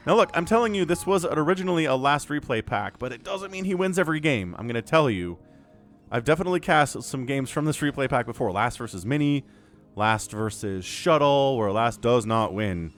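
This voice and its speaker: A man's voice: mid-range voice, lively intonation, brisk, a bit bright, soft background music. A man casting a strategy game match solo, chatty and rambling with jokey asides. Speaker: esports caster. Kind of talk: solo play-by-play game commentary.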